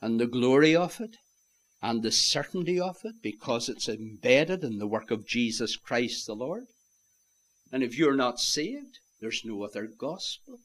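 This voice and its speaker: This man delivers a sermon in a sing-song, unhurried mid-range voice. He addresses listeners as "my friends" and shifts from booming proclamations to near-whispers.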